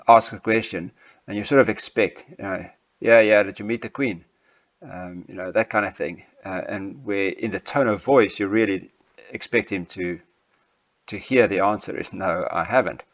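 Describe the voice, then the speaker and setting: Halting low-voiced man preaching. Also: creaky. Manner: hesitant, many ums and restarts. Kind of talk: sermon text study with slides. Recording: dull lo-fi sound.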